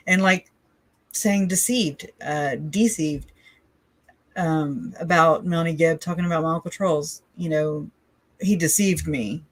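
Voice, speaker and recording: A woman's voice: deep voice, fairly even intonation, measured pace, no echo. A woman from the Southern United States hosting a casual livestream, rambling and chatty, often laughing between her thoughts. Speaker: livestream host.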